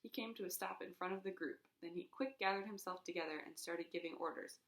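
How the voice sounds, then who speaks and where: Gravelly woman reading a storybook aloud. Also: on the low side, quick pace, reverberant. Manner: expressive, sound effects voiced aloud. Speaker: reader. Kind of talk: reading a children's chapter book aloud.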